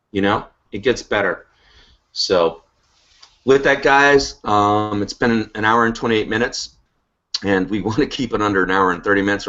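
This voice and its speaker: A man hosting a business update call, giving an emphatic motivational pitch to his team and checking in with "okay?" and "right?". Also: a bit bright. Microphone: online video call. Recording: dull lo-fi web call audio.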